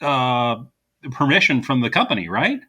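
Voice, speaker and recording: A man co-hosting a podcast, retelling movie scenes in a casual, animated way with frequent laughter. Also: mid-range voice, normal speed, breathy edge. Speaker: podcast co-host.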